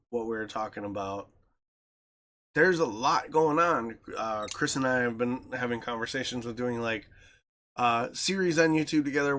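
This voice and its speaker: A man, co-hosting a podcast in casual chat, animated and quick to laugh. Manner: animated, laughs often, jumps into squeaky voices when retelling. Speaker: podcast co-host.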